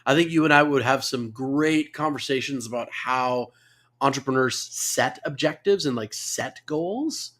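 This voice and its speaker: A man's voice: mid-range voice, a little slow, fairly bright tone. A man hosting a live online interview show, talking in an upbeat, effusive way. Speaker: host.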